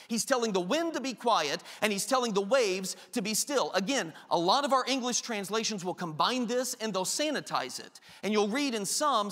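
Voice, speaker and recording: A man preaching a sermon to his congregation, animated and acting out the lines he quotes. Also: high-pitched. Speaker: pastor. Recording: reverberant hall.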